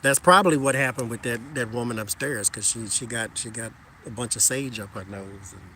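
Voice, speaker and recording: A man casually chatting with his viewers while walking outside, animated and joking, talking to them as "y'all". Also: medium pitch, brisk, a little hiss or hum. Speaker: tarot reader chatting with live viewers.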